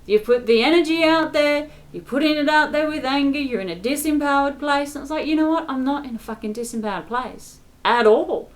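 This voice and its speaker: A woman's voice: high-pitched, fairly quick, few pauses. A woman in an angry, exasperated rant to camera, swearing often and stressing her words. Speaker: spiritual vlogger.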